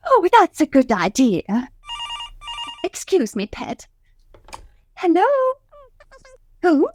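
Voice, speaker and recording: A woman playing a fretful, scheming middle-aged wife in a radio sitcom, excitable and fussy. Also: high voice, takes it slowly, slight background noise, heavily acted. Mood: fussing.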